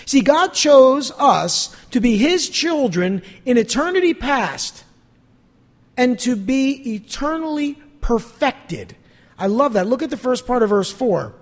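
A man preaching a sermon as pastor, with emphatic slow stresses and swings between loud and soft. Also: high voice, in a large hall.

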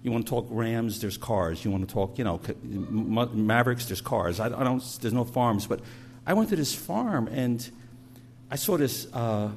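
A man's voice: medium pitch, lively intonation, normal speed, a little mellow. A middle-aged man preaching a sermon, telling stories in a conversational way and often repeating words as he goes. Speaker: pastor.

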